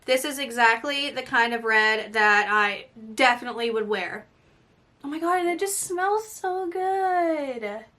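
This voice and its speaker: Woman beauty vlogger, high bright voice, gushing and excitable, casual unboxing talk. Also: measured pace. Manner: gushing, excitable, often breaks into soft exclamations.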